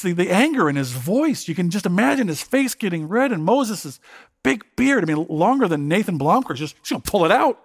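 Animated and a little fast, this man's slightly high voice carries a conversational expository sermon of Bible reading and commentary. He often repeats words and asks his audience questions.

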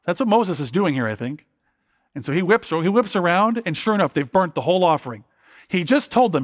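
A man's voice: fairly high pitch, sing-song, quick pace. A man preaching an expository sermon in a conversational way, often repeating words and asking his listeners questions. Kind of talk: expository sermon, Bible reading and commentary.

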